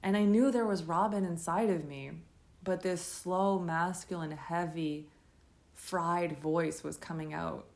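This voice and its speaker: Low gravelly woman recounting her ordeal. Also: fairly even intonation, a little mellow. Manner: halting, slow, intense. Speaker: host telling her own story. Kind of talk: first-person testimony monologue.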